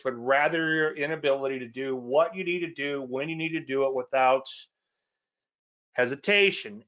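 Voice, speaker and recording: A man hosting a casual market commentary show, talking in an animated, emotional way and often restarting words. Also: mid-range voice. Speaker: host. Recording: dull lo-fi audio.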